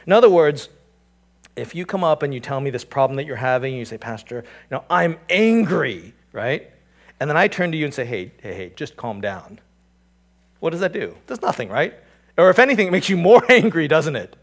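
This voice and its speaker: A man preaching from the pulpit as pastor. He drops low and quiet when reading scripture, then lifts his voice for emphatic points. He repeats himself as he works toward a point and keeps asking the room rhetorical questions. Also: animated, fast talker. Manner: repeats and restarts phrases, asks the congregation rhetorical questions. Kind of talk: sermon.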